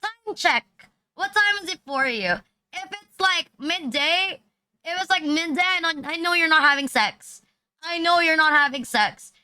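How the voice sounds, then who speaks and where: A woman's voice: very high-pitched, animated, measured pace, pushed and bright, no room sound. A woman streamer chatting casually on a livestream, rambling crudely with constant "like" fillers and teasing her chat. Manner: mocking, teasing banter with chat. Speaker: VTuber streamer.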